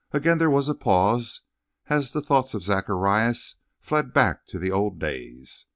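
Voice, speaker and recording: Low, expressive male audiobook narrator. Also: normal speed, no echo, clean studio sound. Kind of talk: scripted narration of a western novel.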